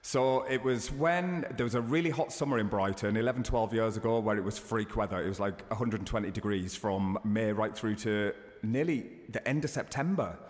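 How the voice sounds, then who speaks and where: A man in his thirties, a guest chatting in an interview, telling stories with sudden high excited bursts. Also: brisk, hardly any pauses, in a large hall. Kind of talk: casual interview chat.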